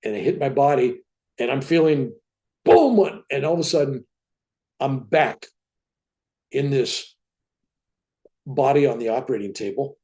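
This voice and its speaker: A man's voice: medium pitch, expressive, unhurried, pauses often, mellow. An older man telling a personal story as an interview guest, acting out the dialogue as he goes.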